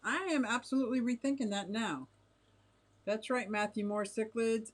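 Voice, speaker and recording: A middle-aged woman with a voice on the high side hosts a casual livestream from a fish room with tanks in her home. Speaking at a moderate pace, she chats and giggles while reading and reacting to viewer comments.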